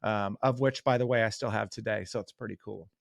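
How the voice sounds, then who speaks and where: A man's voice: lowish voice, steady tone, a little fast, gravelly, dry recording, clean studio sound. A man in his forties, a guest sales coach, telling career stories in a podcast interview with an earnest, self-deprecating manner and frequent fillers.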